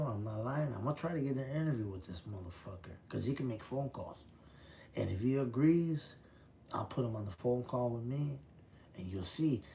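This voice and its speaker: Gravelly, blunt-talking man in his fifties. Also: medium pitch, mellow, a little hiss or hum. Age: 50s. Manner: profane, blunt, street-talk storytelling. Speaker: former prisoner telling his story. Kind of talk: casual storytelling.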